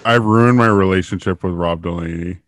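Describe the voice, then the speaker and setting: A man's voice: sits low, normal speed, dry recording, studio quality. A man co-hosting a podcast, telling a story in a sheepish, confessional way during casual chat. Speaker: podcast co-host.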